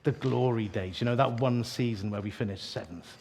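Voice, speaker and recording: Guy preaching, lively storyteller, cracks jokes, asides to the crowd, mid pitch. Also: fairly quick, creaky, a little hiss or hum. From East London. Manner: animated, joking storyteller with asides to the audience. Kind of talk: sermon.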